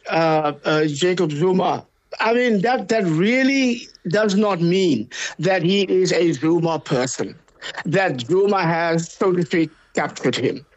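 Older south african guy talking politics in an interview, pretty high voice, earnest, hammers his points home, dry sound. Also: animated, no room sound, highs cut off. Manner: earnest, emphatic, speaks in long measured runs. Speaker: political party leader. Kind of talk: interview answers.

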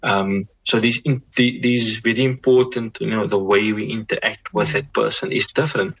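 A man speaking as an Islamic scholar guest, giving reflective advice in a measured way, often repeating and restarting phrases and interjecting religious expressions. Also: on the low side, level tone, gravelly, a bit bright, slightly rough.

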